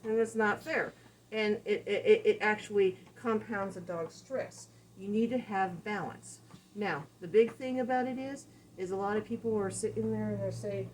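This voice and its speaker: A woman dog trainer explains her method in a relaxed, chatty way. Her voice sits at an ordinary middle pitch. A faint hiss of noise runs behind her. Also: moderate pace, rough recording. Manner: casual, conversational, explains with examples and acted-out quotes. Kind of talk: instructional talk.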